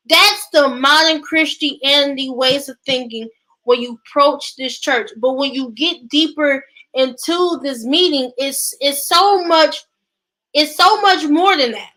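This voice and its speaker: High bright woman's voice, slow unhurried delivery, Bible study host reading scripture, chatty asides, trips over words. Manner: stumbles and restarts while reading aloud; chatty, exclaims to live viewers. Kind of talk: scripture reading with casual commentary.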